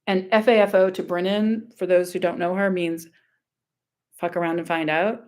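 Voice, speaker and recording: This Louisiana woman reads screenshots aloud at normal speed for a casual vlog, her voice on the low side, a little mellow and fairly even in intonation. She's an online commentator with a blunt, sarcastic, profane style.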